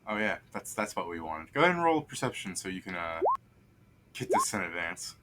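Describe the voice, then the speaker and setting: Man, game master, low voice, bright tone, offhand narration, faint background hiss. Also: sing-song, a little fast. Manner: loose, offhand narration with fillers. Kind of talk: running a tabletop game.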